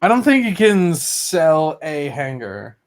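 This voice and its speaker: A man with a German accent, a native German speaker, chatting on a livestream, careful and slow with his words and often laughing. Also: on the high side, very animated. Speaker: stream co-host. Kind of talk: casual chat on a livestream.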